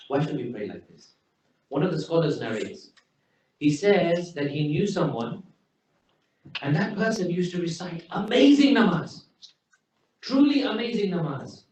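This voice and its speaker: A man's voice: a little high, darkish tone. A man preaching a sermon in a mosque, telling stories emphatically and quoting Arabic phrases. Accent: British English. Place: mosque hall. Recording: very echoey, distant, dull hall recording.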